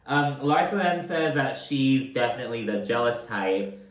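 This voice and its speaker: A young man with an animated, mid-range voice recaps a reality show at a moderate pace. His commentary is chatty and rambling, packed with fillers, campy asides, and mock voices, and the room gives a roomy echo.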